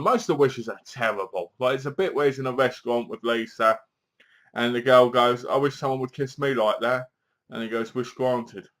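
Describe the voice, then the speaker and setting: A man giving a casual, animated movie review, acting out lines from the film as he goes. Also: mid-range voice.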